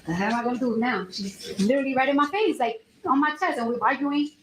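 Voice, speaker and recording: A woman testifying as a witness in a courtroom, telling her story in an animated way and acting out the dialogue. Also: high voice, fast talker, a little hiss or hum, low-quality recording.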